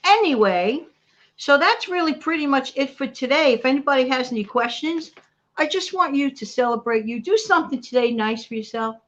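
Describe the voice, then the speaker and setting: Middle-aged New York woman, livestream host, upbeat motivational chatter, higher voice, lo-fi mic. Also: lively intonation, a little fast, a bit bright. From New York City. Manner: chatty, motivational, talks straight to viewers. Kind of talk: casual live chat.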